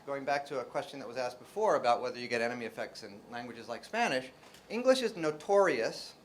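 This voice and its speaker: A man's voice: medium pitch, slight background noise. A man from New Jersey with an American accent, a linguistics professor giving a joking academic lecture to a live audience, full of rhetorical questions and sounding out example words.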